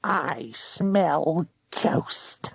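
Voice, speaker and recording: A man's voice: on the high side, drawn-out words, creaky, husky, no room sound, voice pushed up, full character voice. An audiobook narrator, a man, voicing a cunning, evil old woman ghost hunter who hisses and screeches. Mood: hushed menace. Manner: hissing, screeching, whispery menace. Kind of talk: audiobook character reading.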